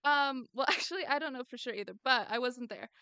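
A woman's voice: high-pitched, a little fast, pushed and bright, smooth, no room sound. A woman co-hosting a podcast in casual chat, playful and giggly, teasing her co-host.

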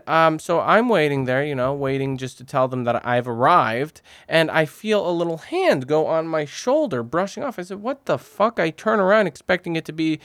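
A man's voice: mid-range voice, no echo. Guy doing a solo comedy podcast, crude and rambly, swears a lot, dry close mic. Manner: crude, rambling, profane storytelling. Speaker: podcast host.

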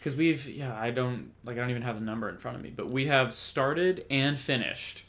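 A man's voice: mid-range voice, normal speed, a bit bright. A man co-hosting a podcast, talking in a casual, rambling way, joking and breaking off mid-sentence. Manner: rambling, self-interrupting, jokey. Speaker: podcast co-host. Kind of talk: casual chat.

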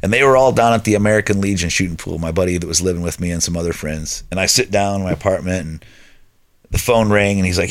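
A man's voice: sits low, steady tone, fairly quick. A man in his thirties, a podcast guest, telling his life story in a conversational way and acting out what his friends said.

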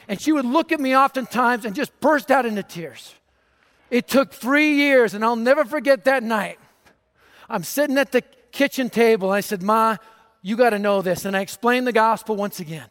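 A man from North Denver giving an energetic, humorous gospel talk on a conference stage, speaking into a stage microphone. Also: very high voice, normal speed. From North Denver, USA. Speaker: evangelist speaker. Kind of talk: gospel message speech. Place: large conference hall stage. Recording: reverberant hall.

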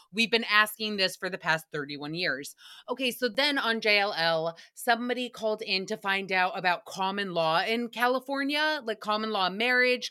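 Bright-voiced sarcastic woman podcaster. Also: mid-range voice. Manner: sarcastic, profane, rambling. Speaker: podcast host. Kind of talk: solo recap podcast.

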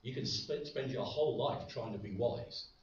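Preacher, booming in an echoey hall. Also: male voice, moderate pace, slight background noise. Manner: light-hearted, with joking asides. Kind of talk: sermon. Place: large echoey church hall. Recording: very echoey, distant, dull hall recording.

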